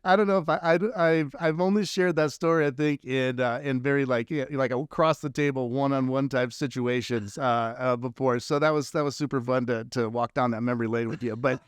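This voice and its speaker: Animated storytelling man, dry sound. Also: medium pitch, smooth, no room sound. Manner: lively, animated storyteller with quick asides and laughs. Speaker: podcast host. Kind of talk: casual storytelling chat.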